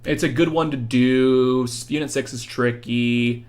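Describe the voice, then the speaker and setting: A young adult male economics teacher giving a casual livestreamed exam review, quick and chatty, answering viewers' questions by name, tired after hours of talking. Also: medium pitch, fairly even intonation, a little mellow.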